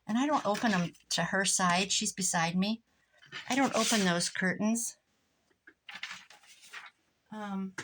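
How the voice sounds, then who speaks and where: There's a slight background noise as a woman with a mid-range voice rambles through a family story at her indoor craft desk. In her 60s and from Iowa, she's a crafting vlogger whose animated anecdotes are sprinkled with asides about her project.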